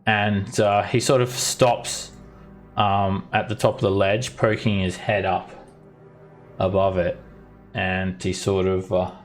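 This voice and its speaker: A man running a tabletop game as dungeon master, narrating casually with many fillers. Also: low-pitched.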